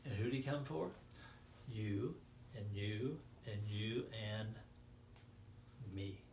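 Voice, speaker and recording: Speaking slowly in a lowish voice, a man tells children a Christmas story, playing out the characters' lines with animation and now and then sinking to a whisper. The recording catches him from a distance in a roomy hall, with faint ambience and a little hiss or hum.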